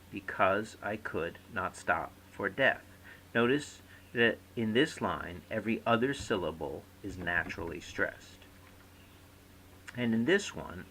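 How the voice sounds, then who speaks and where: A man giving a recorded lecture, explaining terms clearly and stressing syllables in his example words. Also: on the low side, pushed and bright, slight background noise, low-quality recording.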